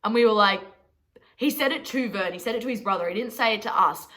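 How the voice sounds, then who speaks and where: A woman's voice: medium pitch, quick pace, bright, forceful tone. A young Australian woman telling a story to camera in a chatty, sweary, self-mocking vlog. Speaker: vlogger.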